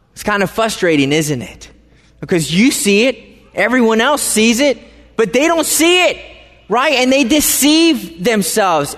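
A man's voice: sits high, fairly bright tone. A man preaching a sermon as pastor, conversational and emphatic, asking the congregation questions and repeating phrases for stress. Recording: long hall reverb.

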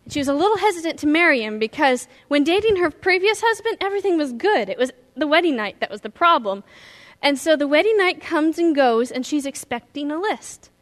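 A woman's voice: sits high, sing-song, brisk, few pauses. A woman pastor giving an earnest, emphatic sermon with stories.

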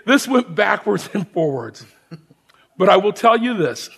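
Gravelly, animated preaching man. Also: high voice, measured pace. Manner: animated storyteller, shouts the sergeant's lines. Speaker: preacher telling a testimony. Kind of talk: sermon storytelling.

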